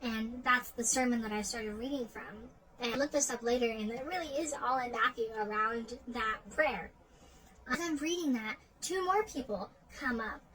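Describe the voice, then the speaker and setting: A woman's voice: fairly high pitch, fairly bright tone, low-quality recording. Woman rambling through a dream story. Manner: rambling, full of "like" fillers and restarts. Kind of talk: casual retelling of a dream.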